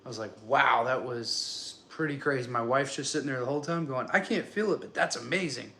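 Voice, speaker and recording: A man in his thirties telling the story of his son's birth in a casual, animated way, acting out what people said and chuckling often. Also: medium pitch, brisk, a little hiss or hum.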